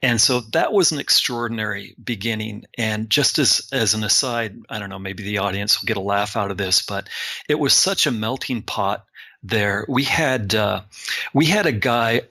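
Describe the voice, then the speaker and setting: A middle-aged man, a guest artist, telling relaxed, self-deprecating stories in a casual interview. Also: on the low side, moderate pace.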